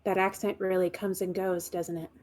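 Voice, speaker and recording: A woman's voice: lowish voice, flat delivery, normal speed, darkish tone. Woman player in a tabletop game. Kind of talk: playing a character in a tabletop game.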